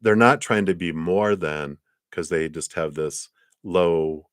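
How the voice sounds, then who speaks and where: A man with a very deep voice gives a live tarot reading. He tells it like a story, acting out quotes and adding little sound effects. The sound is dry and close, with no room echo. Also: takes it slowly, clear, resonant tone. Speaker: tarot reader. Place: indoors.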